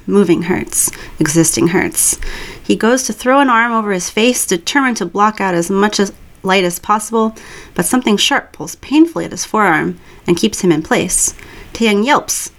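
A woman reading a piece of fan fiction aloud in a calm, even storytelling voice. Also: medium pitch, normal speed. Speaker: reader.

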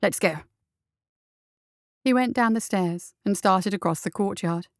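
An audiobook narrator, a woman with a medium-pitched voice, reads a scripted story in a measured, even manner. The recording is dry and studio quality.

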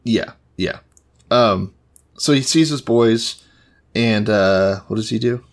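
A man's voice: lowish voice, takes it slowly. A man co-hosting a podcast who sums up the scripture story in a laid-back way, with plenty of swearing. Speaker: podcast co-host. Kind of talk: casual chat.

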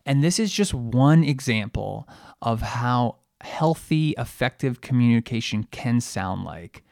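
A man's voice: medium pitch, animated, measured pace, creaky, darkish tone. A man in a mid register talks through a coaching monologue as a podcast host. His delivery is conversational, full of rhetorical questions and self-mockery. The sound is dry and close, with no room echo. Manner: conversational, asks rhetorical questions, pokes fun at himself. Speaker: podcast host, periodontist coaching dental teams.

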